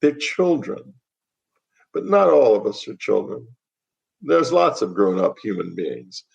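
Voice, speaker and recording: An older man speaking as a guest author in a podcast interview, wry and reflective, often pausing and restarting. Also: lowish voice, big pitch swings, vocal fry, muffled recording.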